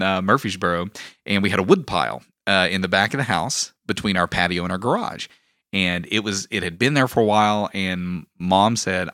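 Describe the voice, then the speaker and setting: A man's voice: fairly low pitch, a bit bright, dry recording, clean studio sound. A man co-hosting a parenting podcast, telling family stories in a casual, folksy, humorous way. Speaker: podcast co-host; father of a daughter.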